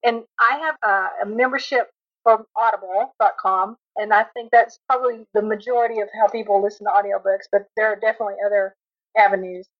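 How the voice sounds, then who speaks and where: A woman's voice: mid-range voice, fairly even intonation, fairly quick. A woman with a Texas accent, a guest author talking eagerly with many restarts in a casual podcast interview. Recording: dull lo-fi audio.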